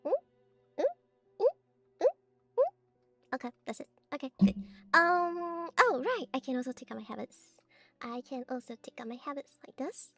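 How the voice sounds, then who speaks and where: A woman's voice: sits high, animated, fairly quick, bright, forceful tone, no echo, soft background music. A woman VTuber chatting playfully on stream, teasing her viewers in a cult-priestess persona. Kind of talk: playful stream chat showing off her avatar.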